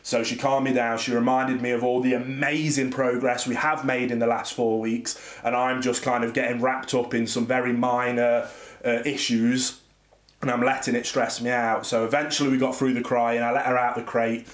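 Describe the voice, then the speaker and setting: A dog trainer talks through a rough day in a candid, rambling vlog monologue. His delivery stays fairly flat, with little rise and fall. The camera sits across his home office, so the sound is roomy and echoey. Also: mid-range voice, normal speed. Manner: candid, rambling, frustrated venting. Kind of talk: casual reflective vlog monologue. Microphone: camera across the room. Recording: roomy echo.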